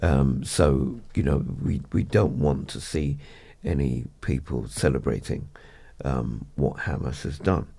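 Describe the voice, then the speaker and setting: A man co-hosting a breakfast radio show, reading the news and then discussing it in a measured, deliberate way in a studio. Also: very deep voice, vocal fry, mellow, slightly rough. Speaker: radio co-host and newsreader.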